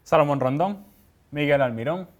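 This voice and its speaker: Male football analyst, dry wry humor, mid-pitch voice, casual banter. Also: fairly quick. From not from the UK. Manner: dry, wry humor, animated when making a point. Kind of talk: casual sports prediction chat.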